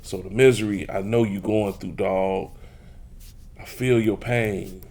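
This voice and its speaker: Gravelly man trash-talking football fans. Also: fairly low pitch, steady tone, unhurried, a little mellow. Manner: teasing, boastful, talks straight to listeners. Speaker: podcast host. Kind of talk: trash-talking casual sports chat.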